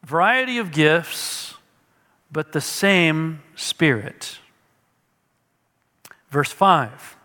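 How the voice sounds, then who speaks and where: Slow, bright-voiced male preacher. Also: on the high side, very animated, in a large hall. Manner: emphatic, teaching with rhetorical questions. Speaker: pastor. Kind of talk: expository sermon.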